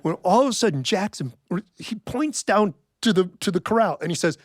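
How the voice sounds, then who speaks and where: A man's voice: high voice, animated, brisk, dry recording, clean studio sound. Wry folksy male storyteller. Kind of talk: told folk-tale storytelling.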